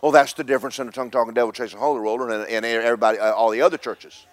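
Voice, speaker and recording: A man preaching a fiery Pentecostal sermon in church, telling stories and building to emphatic, shouted points. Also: medium pitch, steady tone, very fast, dry recording.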